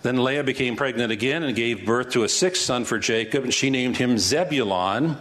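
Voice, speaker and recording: A man's voice: medium pitch, normal speed, a bit bright. A man pastor teaching a Bible passage verse by verse in a conversational way, asking rhetorical questions.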